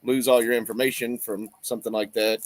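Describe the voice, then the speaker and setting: A man guesting on a stream, telling stories in a relaxed, plain-spoken way. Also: mid-range voice, brisk, no echo. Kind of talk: casual chat.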